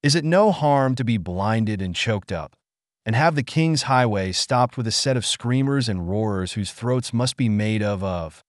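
A man's voice: lowish voice, lively intonation, measured pace, dry recording, clean studio sound. A man reading aloud, voicing an irritable, scheming male lawyer who complains in exasperation. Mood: exasperated.

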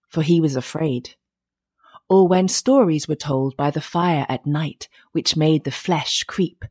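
A woman narrating an old fairy tale in a measured storytelling manner. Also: lowish voice, darkish tone.

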